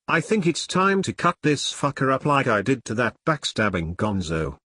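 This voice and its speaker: A man's voice: mid-range voice, big pitch swings, moderate pace, sharp tone, husky, no room sound, exaggerated voice. A man voicing a foul-mouthed, hot-headed male gangster who rants profanely, read close to the mic. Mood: gruff.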